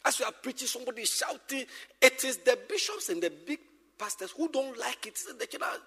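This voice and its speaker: High, lively preacher in a hall. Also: male voice, a little fast, breathy edge. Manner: animated, repeats phrases, swings from shouting to whispering. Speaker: pastor. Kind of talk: sermon to church workers.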